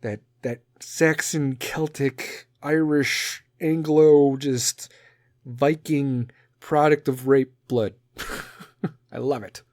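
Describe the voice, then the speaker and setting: A man in his thirties hosting a podcast, rambling through a profane comedic monologue, laughing at his own jokes and swinging between loud outbursts and low mutters. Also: fairly even intonation, extremely slow, dry recording. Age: 30s. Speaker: podcast host.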